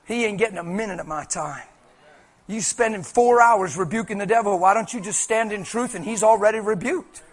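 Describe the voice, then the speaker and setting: A male preacher delivers his sermon in a high, lively voice. He talks in an animated, colloquial, conversational way. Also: brisk.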